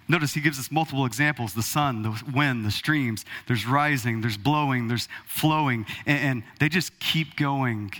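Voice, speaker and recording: A man in his thirties preaching a sermon in an animated, conversational way, acting out little asides to his church. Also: fairly high pitch, a little slow. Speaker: pastor.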